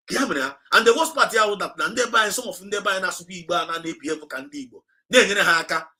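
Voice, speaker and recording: A man's voice: high-pitched, racing, bright, forceful tone, low-quality recording. A man with a Nigerian accent hosting a livestream, speaking urgently and repetitively, mixing Igbo and English mid-sentence as he exhorts his listeners. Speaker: activist livestream host. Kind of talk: impassioned livestream address.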